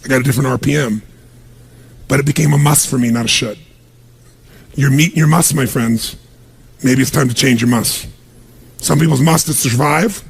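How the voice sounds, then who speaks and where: A man's voice: on the high side, vocal fry, husky. A man giving an emphatic motivational seminar talk to a live audience in a large room, pushing them with repeated commands. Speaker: motivational speaker.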